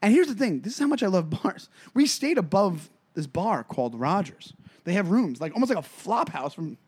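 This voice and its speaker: A man's voice: sits high, sing-song, moderate pace, a little mellow, slightly rough. A man co-hosting a casual comedy podcast, telling rambling stories with lots of restarts and self-corrections. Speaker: podcast co-host.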